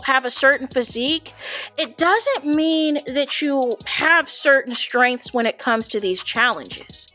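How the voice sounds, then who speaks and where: A woman's voice: high voice, fairly bright tone. A woman hosting a reality TV reaction show, talking casually and animatedly to viewers she calls "y'all", repeating words for emphasis. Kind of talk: casual commentary.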